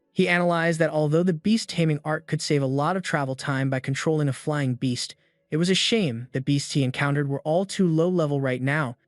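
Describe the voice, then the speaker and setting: High-voiced man narrating a recap. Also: no room sound, studio quality. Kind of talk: scripted story recap narration. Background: faint background music.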